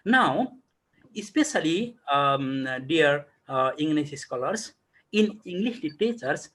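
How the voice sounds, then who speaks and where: A man giving an online college lecture over a video call. He keeps asking himself rhetorical questions and answering them, in halting, repetitive phrasing full of fillers. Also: a little high, lively intonation, a bit bright.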